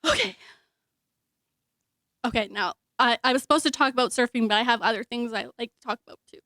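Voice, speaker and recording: A woman giving an emotional, halting memorial speech as a sister, often pausing to compose herself. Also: a little high, sharp tone, dry recording, clean studio sound. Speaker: eulogy speaker, sister. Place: memorial hall.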